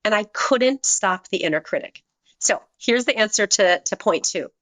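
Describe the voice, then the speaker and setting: A woman's voice: expressive, normal speed, a bit bright, no room sound. Earnest woman telling a personal story. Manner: earnest, shifts pitch to voice quoted people. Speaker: guest, business leader and author. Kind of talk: personal storytelling in a podcast interview.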